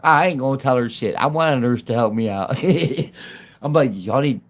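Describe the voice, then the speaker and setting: A man chatting casually on a livestream from his phone, rambling in halting, broken-off phrases and laughing often. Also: medium pitch. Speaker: YouTube livestreamer.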